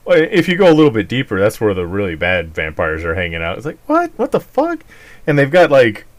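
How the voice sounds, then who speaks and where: A podcast host with a fairly low, sing-song voice talks fast in a casual chat, ranting freely. His talk is full of swearing and mocking outbursts.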